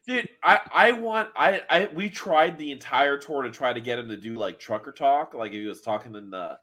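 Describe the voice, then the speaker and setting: A man, a guest band member, telling animated stories in a casual podcast chat, swearing and repeating himself. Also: medium pitch, moderate pace. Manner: animated storyteller, swears freely, repeats words.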